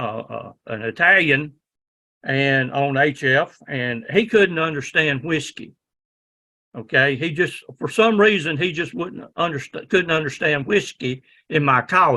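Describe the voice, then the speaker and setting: A man from the Southern United States, with a fairly high, bright and forceful voice, teaches a ham radio licensing class. His lecture is folksy and rambling, and he often checks in with "okay?".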